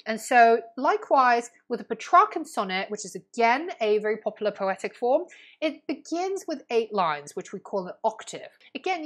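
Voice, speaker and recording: A young adult woman explaining a lesson to students, clear and patient, step by step. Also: a little high, a bit bright. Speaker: teacher.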